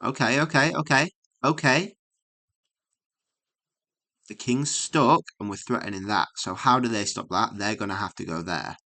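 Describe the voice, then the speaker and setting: A man thinking aloud as he works through chess puzzles, musing and muttering with frequent hums and pauses, mildly exasperated at himself. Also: mid-range voice, pushed and bright. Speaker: chess streamer.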